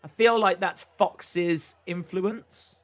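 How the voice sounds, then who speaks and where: A man's voice: high voice, takes it slowly, fairly bright tone. A young man hosting a casual live reaction stream, chatting and thinking aloud with frequent fillers.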